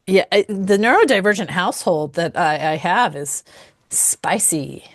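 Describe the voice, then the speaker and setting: A woman's voice: lowish voice, measured pace, no room sound. A middle-aged woman co-hosting a casual podcast chat, talking as a mother in a thoughtful, hesitant way and laughing often. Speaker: podcast co-host.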